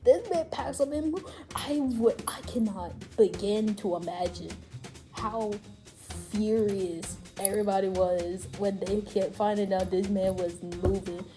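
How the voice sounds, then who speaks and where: A woman's voice: medium pitch, unhurried, warm tone, faint music behind. A woman co-hosting a casual chat, rambling through a story and often breaking into laughter. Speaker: co-host. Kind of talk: casual chat, recapping a game.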